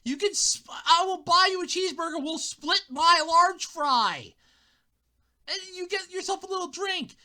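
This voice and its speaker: A woman's voice: extremely high pitch, lively intonation, a little slow, pushed and bright, pitched above the performer's own voice, heavily acted. A woman voicing a worn-out parent who snaps and swears in irritation. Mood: exasperated.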